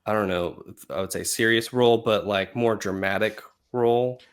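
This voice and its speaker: A man co-hosting a casual film podcast, agreeable and quick to chime in with yeahs. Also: lowish voice, clean tone. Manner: agreeable, laughs often. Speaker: podcast co-host. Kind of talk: casual chat.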